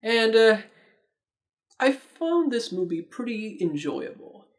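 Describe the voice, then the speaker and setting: A man with a fairly high voice hosts his own movie review show. He talks casually and chattily, dropping wry, sarcastic asides as he goes. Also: big pitch swings, slow pace. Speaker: movie reviewer, host of the channel.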